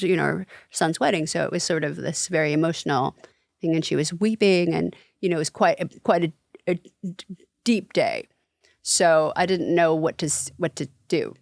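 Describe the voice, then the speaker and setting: A middle-aged woman, a guest comedian, telling stories in casual podcast chat with halting restarts. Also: on the low side, no echo, studio quality.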